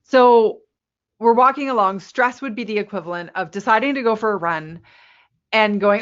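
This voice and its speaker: A woman presenting a workplace resilience webinar to a camera, lively and quick to laugh at herself. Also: a little high. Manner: lively, laughs at herself, acts out quoted people. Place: indoor room with a window. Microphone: camera mic. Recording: slightly muffled webinar audio.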